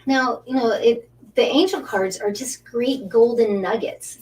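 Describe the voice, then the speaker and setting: A middle-aged woman hosting an angel card reading live stream, talking in a gushing, halting way with repeated words, sometimes dropping to a breathy whisper while guiding breathing. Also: on the high side. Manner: soft, breathy at times, drops to whispers during breathing guidance. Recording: slightly distant mic with faint background hiss.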